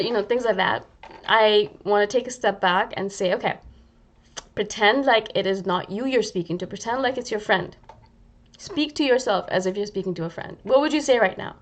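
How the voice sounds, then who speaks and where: A woman's voice: medium pitch, fairly quick. Chatty woman vlogger, reflective. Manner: conversational, many "you know" fillers, acts out inner dialogue. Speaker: spiritual vlogger. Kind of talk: casual reflective monologue.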